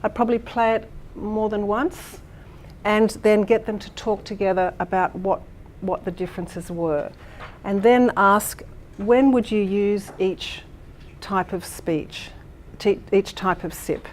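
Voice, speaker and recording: Woman running a teacher workshop, talks through the lesson step by step, lots of "um" and "okay", a little hum of noise behind her. her pitch sits in the middle, neither high nor low. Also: steady tone, unhurried, darkish tone. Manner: explanatory, many fillers and restarts, checks in with the audience. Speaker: teacher trainer presenting a workshop.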